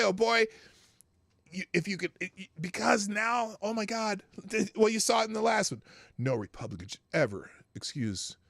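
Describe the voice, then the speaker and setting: A man hosts a political commentary livestream, speaking bluntly and profanely in rambling runs full of restarts. His voice sits a touch high, with a bright, forceful edge and a gravelly grain. The sound is dry and close. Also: no room sound. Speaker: host.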